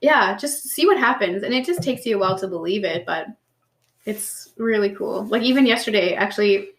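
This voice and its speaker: A woman co-hosts a podcast and tells stories in chatty, casual talk. She is animated and swears freely, with a middle-pitched voice. The recording has a roomy echo around her. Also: brisk. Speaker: podcast co-host. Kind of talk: casual chat, storytelling.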